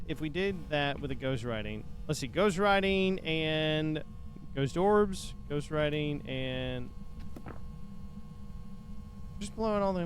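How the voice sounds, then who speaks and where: A man with a high voice giving casual commentary over his horror-game session. He grumbles at the ghost, swears freely and sounds worn out by bad luck. A faint hum sits underneath. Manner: exasperated, swearing, talks to the ghost. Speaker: gaming streamer. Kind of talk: casual let's-play commentary.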